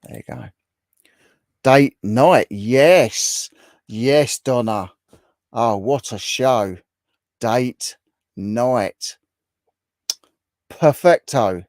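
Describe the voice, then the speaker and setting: A man's voice: medium pitch, drawn-out words, long pauses, darkish tone, no echo, studio quality. A man hosting a casual livestream, reading viewer comments aloud and chatting with them in a bantering, repetitive way. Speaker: livestream host.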